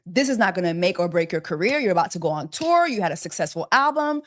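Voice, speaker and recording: This celebrity gossip livestream host speaks briskly in a lowish voice full of big pitch swings. Exasperated yet casual, she keeps throwing out rhetorical questions and ridicules her targets with quacking-bird gags.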